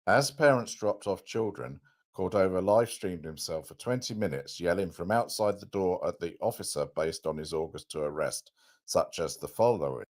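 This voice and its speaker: A male host reading a court document aloud in a measured, plain delivery on a commentary show. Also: sits low, animated.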